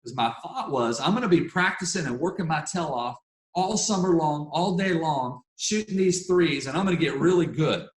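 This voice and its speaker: A man telling a personal story in an interview, in an animated, emphatic way with casual fillers. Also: fairly high pitch, normal speed. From Pennsylvania, United States. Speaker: guest speaker. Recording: echoey room.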